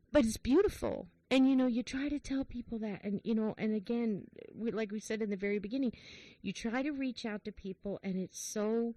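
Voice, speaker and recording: A woman hosting a podcast, chatting in a warm, emotional, chatty way and retelling a joke. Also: a little high, a little fast, few pauses, no room sound. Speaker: podcast host. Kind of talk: casual chat, retelling a joke.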